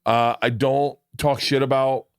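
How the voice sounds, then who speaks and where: A man's voice: mid-range voice, flat delivery, measured pace, smooth, no room sound, clean studio sound. A middle-aged man hosting a podcast, telling stories in a rambling, restart-filled way with plenty of swearing. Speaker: podcast host. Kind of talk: casual chat.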